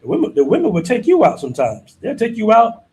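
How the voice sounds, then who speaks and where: Male live-stream host, slightly high voice, laid-back and slangy. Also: huge pitch swings, quick pace, dark tone, low-quality recording. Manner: laid-back, slangy, keeps asking "you know what I'm saying". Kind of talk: casual live-stream chat.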